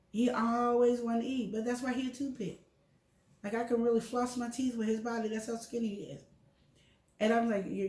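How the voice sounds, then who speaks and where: In a reverberant setting, a mid-range-voiced middle-aged woman co-hosts a show. Chatting casually and candidly about her health, she tells stories with lively, acted-out dialogue.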